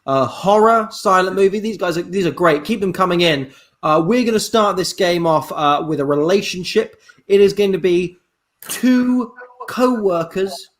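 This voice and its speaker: A man's voice: high-pitched, normal speed, fairly bright tone. A man hosting an improv show, reading out audience suggestions in an upbeat, matter-of-fact way.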